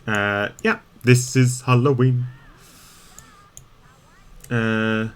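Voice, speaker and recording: Slow-talking man streaming a game. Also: medium pitch, fairly even intonation, clear, resonant tone. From Ireland. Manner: rambling, chatty, frequent laughs. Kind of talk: casual gameplay commentary.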